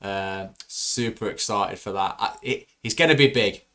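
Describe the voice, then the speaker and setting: Low-voiced enthusiastic male co-host. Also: a little slow, a bit bright. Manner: enthusiastic, frequent fillers and restarts. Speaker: podcast co-host. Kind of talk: casual fan chat.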